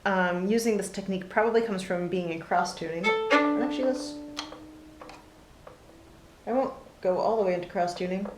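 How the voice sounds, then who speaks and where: A woman teaching a casual fiddle lesson, relaxed and chatty with many pauses and fillers between playing. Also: medium pitch, over loud music. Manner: relaxed, lots of ums, talks between demonstrations. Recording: roomy with loud fiddle playing.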